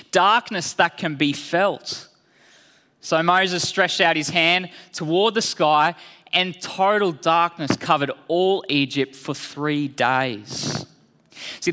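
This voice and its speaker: A man preaching a sermon in a slow, deliberate way, dropping low and quiet for solemn lines. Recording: long hall reverb.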